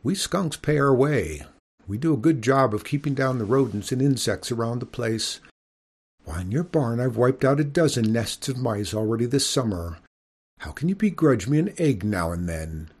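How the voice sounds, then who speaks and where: A man's voice: medium pitch, expressive, moderate pace, a little mellow, husky. A man reading an audiobook, voicing a prim, genteel widowed mother skunk who lectures in a proper manner. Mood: prim lecturing.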